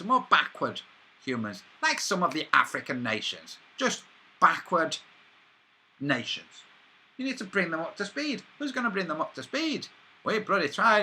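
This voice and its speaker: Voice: mid-range voice, pushed and bright, slight background noise. A speaker, rambling through a speculative monologue with frequent restarts and asides.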